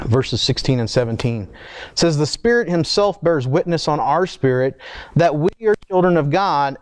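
A man delivering a sermon in a conversational style, reading scripture aloud with asides and restarts. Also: on the high side. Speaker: preacher.

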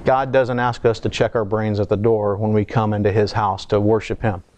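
A man's voice: lowish voice, level tone, moderate pace, a little mellow, muffled recording, a little hiss or hum. A man delivering a sermon in a conversational style, reading scripture aloud with asides and restarts. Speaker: preacher.

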